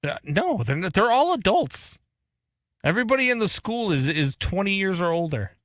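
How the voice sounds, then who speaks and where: A man co-hosting a sports radio show, giving animated, emphatic opinions in casual banter. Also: sits high, moderate pace, no echo, studio quality.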